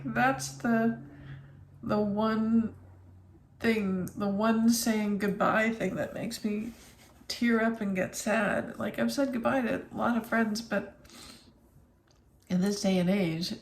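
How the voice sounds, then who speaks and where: A woman's voice: medium pitch, creaky, darkish tone, a little hiss or hum. A tired middle-aged woman chatting casually in an emptied home office, emotional and full of fillers. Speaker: vlogger. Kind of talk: casual vlog chat.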